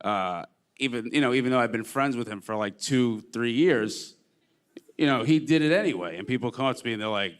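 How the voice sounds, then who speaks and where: A man doing a stand-up comedy set on stage, animated and rambling, with many false starts. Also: mid-range voice, brisk, clear, resonant tone. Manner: animated, jumps into exaggerated voices for quoted people.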